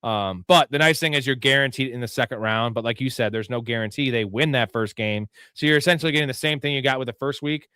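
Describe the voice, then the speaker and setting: A man's voice: medium pitch, fast talker, hardly any pauses, bright, forceful tone, clear, resonant tone, no room sound, studio quality. A man hosting a live fantasy football show, talking in a casual, rambling, profane way.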